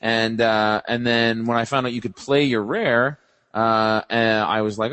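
A man's voice: mid-range voice, a little slow, clear, resonant tone, no echo. A young man co-hosting a podcast, telling rambling stories in casual, profane chat. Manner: rambling, animated storytelling with profanity. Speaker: podcast co-host.

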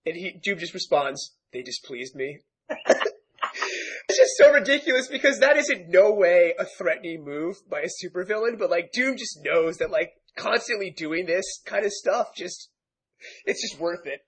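A man hosting a casual podcast, an enthusiastic, giggly fan who talks quickly. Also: sits high, expressive, husky. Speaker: podcast host. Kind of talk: casual chat.

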